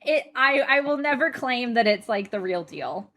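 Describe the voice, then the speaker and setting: A woman's voice: a little high, animated, normal speed, sharp tone. A woman with an American accent that has a slight British influence, chatting casually on a live stream and thanking viewers in a rambling way. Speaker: Twitch streamer.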